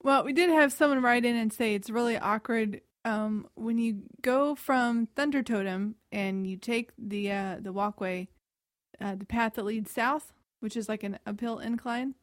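Woman cohost, kinda high voice, dry close mic, easygoing and wry. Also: normal speed, no room sound. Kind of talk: casual chat.

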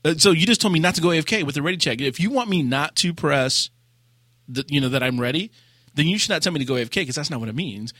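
Animated man telling a gaming story. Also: a little high, fast talker, no room sound, clean studio sound. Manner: animated storyteller, acts out quotes. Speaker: podcast co-host. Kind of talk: casual gaming chat.

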